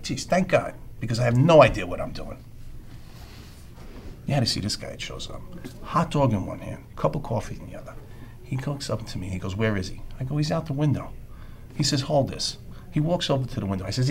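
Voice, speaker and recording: Wisecracking new cop, lively up-and-down voice, sardonic, a little hiss of room noise behind. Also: male voice, a little high. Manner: sardonic, rambling anecdotes, streetwise. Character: wisecracking world-weary male NYC cop. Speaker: police detective under evaluation. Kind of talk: film dialogue, storytelling monologue.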